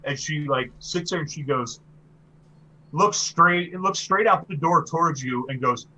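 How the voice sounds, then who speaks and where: A man's voice: a little high, a little slow, sharp tone, lo-fi sound, a little hiss or hum. A man narrating a tabletop game as game master, describing the scene with frequent restarts.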